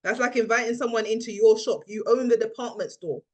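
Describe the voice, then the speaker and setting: A woman's voice: fairly high pitch, brisk. A woman, a team leader running a training call over video, speaking with energy and acting out the people she quotes.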